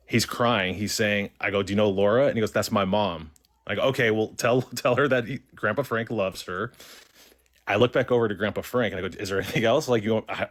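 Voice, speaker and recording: Man, lowish voice, casual storytelling, chatty, lots of fillers and restarts, acts out quotes. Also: a little fast. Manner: animated, quotes people in changing voices. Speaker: caller.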